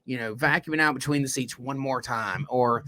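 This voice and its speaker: A man's voice: mid-range voice, a little fast, sharp tone. A man co-hosting a casual business podcast, telling shop stories and acting out what people said, with many restarts. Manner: storytelling, acts out quoted people, frequent restarts. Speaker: podcast co-host, detailing shop owner.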